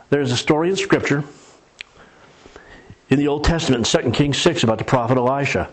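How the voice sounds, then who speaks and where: Husky preacher guy telling bible stories, chatty and jokey, middle-of-the-road voice. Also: medium pitch, a little fast, pauses often. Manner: conversational storytelling with folksy humor. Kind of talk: sermon.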